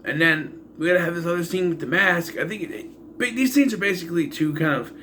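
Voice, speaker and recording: A man's voice: fairly high pitch, fast talker, bright, forceful tone, slight background noise. A man casually reviewing a horror film, rambling through the plot with asides and dry, exasperated remarks on its holes. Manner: rambling, loose retelling with frequent asides and fillers. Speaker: movie reviewer.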